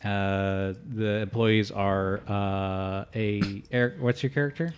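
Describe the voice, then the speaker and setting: A man narrating an improvised tabletop game as game master, halting and restarting often. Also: lowish voice, fairly even intonation, slight background noise. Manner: halting, full of fillers and restarts.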